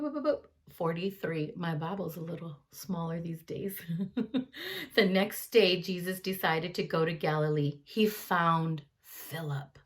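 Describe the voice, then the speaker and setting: Bright-voiced woman telling Bible stories. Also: mid-range voice. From California. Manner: lively storytelling, acts out quotes, slangy. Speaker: youth ministry speaker. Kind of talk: youth club Bible talk.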